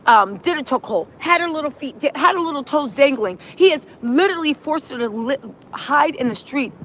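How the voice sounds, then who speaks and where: A woman hosting a reaction livestream, recapping events in animated storytelling, acting out quotes and often asking "right?". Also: high-pitched, a little fast, a little hiss or hum. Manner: punctuates with "right?". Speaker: streamer host.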